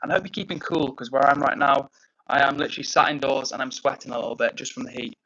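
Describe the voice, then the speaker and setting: A man, from near Manchester, hosting a casual livestream from indoors at home. He reads out chat messages and answers them in a friendly, upbeat way, with plenty of fillers and shout-outs. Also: mid-range voice, quick pace, highs cut off. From England, near Manchester. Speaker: livestream host reading chat.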